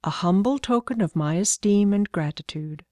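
Storybook role: mild, joking father, read by a woman. Wry and gentle. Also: medium pitch, lively intonation, normal speed, dry recording, studio quality, close to an everyday voice.

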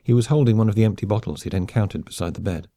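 A man narrating an audiobook in a brisk, wry storytelling manner. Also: on the low side, dark tone, no room sound. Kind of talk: scripted narration.

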